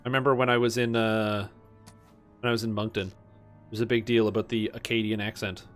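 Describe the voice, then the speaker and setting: A man's voice: fairly low pitch, level tone, brisk, faint music behind. A man streaming a game, chatting casually and rambling with many fillers. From Canada. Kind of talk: casual gaming chat.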